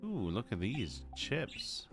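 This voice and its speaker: A man's voice: medium pitch, huge pitch swings, takes it slowly, gravelly, over music. A man casually chatting while streaming a game, rambling and restarting his phrases. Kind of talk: casual live-stream chat.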